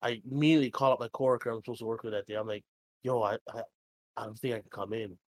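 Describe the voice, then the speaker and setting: A man's voice: medium pitch, fairly even intonation, rapid-fire, a little hiss or hum. A young man co-hosting a podcast, telling a story in a rambling, casual way, swearing freely and acting out both sides of conversations. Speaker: podcast co-host.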